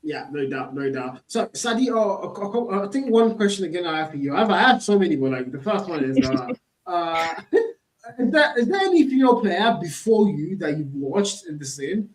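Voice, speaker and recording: A man's voice: high voice, very animated, moderate pace, echoey room. A man co-hosting a casual gaming podcast, laid-back and teasing, often repeating his words. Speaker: caster and podcast co-host.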